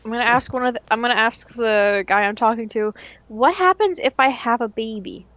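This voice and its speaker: A woman's voice: a little high, a little fast, fairly bright tone, no room sound, lo-fi sound. A woman playing a tabletop game, asking questions in character. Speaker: player. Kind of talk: casual tabletop role-play.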